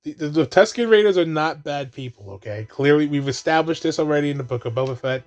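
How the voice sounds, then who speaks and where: A man talking casually over a movie as he watches it. His voice sits a little high. He laughs a lot, swears freely and drops into mocking high-pitched impressions of the characters. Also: lively intonation, fast. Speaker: movie commentary host.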